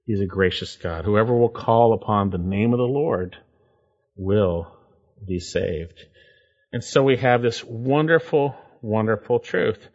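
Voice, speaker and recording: A man preaching a sermon and reading scripture aloud, with emphatic swings in pitch and loudness. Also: a little slow, highs cut off. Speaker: pastor.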